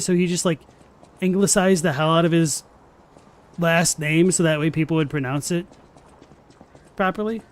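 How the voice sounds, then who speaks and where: A young man chatting deadpan and rambling while he plays a game live on stream. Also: fairly high pitch, moderate pace, long pauses. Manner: rambling, filler-heavy. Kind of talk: casual live-stream chat while gaming. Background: faint game music.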